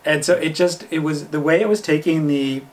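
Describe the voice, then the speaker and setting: A man's voice: on the high side, fairly quick. Easygoing man chatting about yarn dyeing. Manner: easygoing, laughs mid-sentence. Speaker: podcast co-host, yarn dyer. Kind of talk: casual chat.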